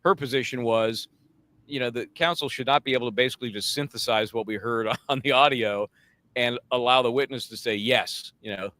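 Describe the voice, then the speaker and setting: A man's voice: mid-range voice, brisk. A man co-hosting a casual chat about a court trial, talking wryly and acting out what others said. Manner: chatty, wry, quotes others in animated voices. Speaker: legal commentator co-host.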